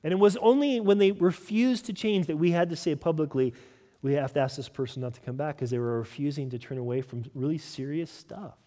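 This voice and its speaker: Pastor guy preaching, kinda high voice, lots of hall echo, punchy emphatic delivery. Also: a little fast, dark tone. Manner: emphatic, repeats words when restarting. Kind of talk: sermon.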